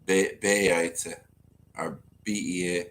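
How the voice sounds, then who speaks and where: A man's voice: sits low, steady tone, slow, a bit bright. A man co-hosting a live stream, thanking viewers and trading teasing banter. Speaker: co-host of a live chat. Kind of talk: casual live-stream chat.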